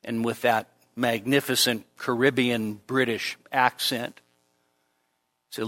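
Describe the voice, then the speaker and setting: Guy preaching slow to a church crowd, gets loud and high on his points then chatty and jokey. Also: little pitch movement, long reverb tail. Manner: emphatic, climbs sharply in pitch when stressing a point; conversational asides and light humor with the congregation. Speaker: pastor. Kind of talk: expository sermon. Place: church service before a congregation.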